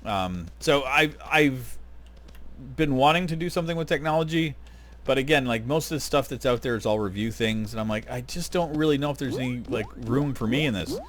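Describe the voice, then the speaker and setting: A man's voice: medium pitch, expressive, brisk. A man hosting his gaming channel, talking casually and rambling with lots of fillers while he plays. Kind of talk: casual gameplay commentary.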